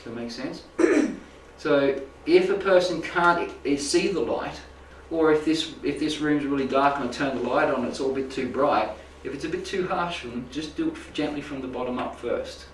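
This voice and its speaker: A spiritual healing teacher with a slightly high voice speaks at a moderate pace in an informal, rambling talk to a small group indoors, often checking in with "right?" and "make sense?". Slight background noise comes through, and the room sounds echoey with the mic at a distance.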